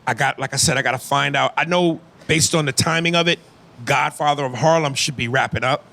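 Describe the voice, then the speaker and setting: A man's voice: medium pitch, fairly quick, gravelly, pushed and bright. A man hosting a podcast, talking brashly and profanely in casual comedic chat and reading emails aloud. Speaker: podcast host.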